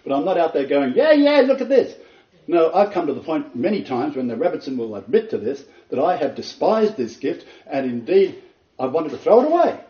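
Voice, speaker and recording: Older male preacher, earnest and emphatic lecture delivery, mellow tone, echoey room recording. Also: expressive, brisk. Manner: earnest and emphatic, pitch leaping on stressed words, rambling asides. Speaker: preacher giving a Bible lecture. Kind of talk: informal sermon lecture to a small group. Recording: roomy, distant, dull lo-fi.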